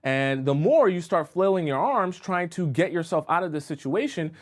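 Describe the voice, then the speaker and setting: A man's voice: on the high side, animated, normal speed. A man coaching on dating in a livestream, spinning a long illustrative story and checking in with "okay?" and "right?". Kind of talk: livestream advice talk.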